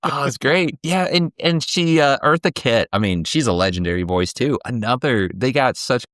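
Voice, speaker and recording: A man's voice: mid-range voice, lively intonation, moderate pace, fairly bright tone, dry recording, studio quality. A man co-hosting a casual movie review chat, talking enthusiastically and now and then quoting lines in playful voices. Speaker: co-host of a movie review show.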